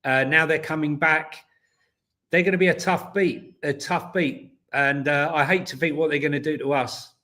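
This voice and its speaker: A man's voice: fairly high pitch, fairly even intonation, moderate pace, bright, forceful tone. Rambling man telling football stories. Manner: rambling, hesitant storyteller with many ums. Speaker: co-host. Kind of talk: casual football chat.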